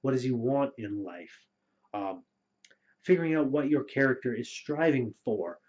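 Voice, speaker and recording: Casual male storyteller, mid pitch, lo-fi muffled sound, chatty and filler-heavy. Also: a little slow. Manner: relaxed, rambling with frequent fillers. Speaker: storyteller and game master. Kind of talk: casual spoken advice video. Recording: dull lo-fi recording.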